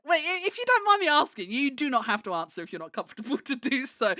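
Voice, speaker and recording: A woman's voice: high-pitched, big pitch swings, fairly quick, sharp tone, no echo, clean studio sound. A woman livestreaming from home, chatting casually with viewers, giggling and restarting her words as she talks into a desk microphone.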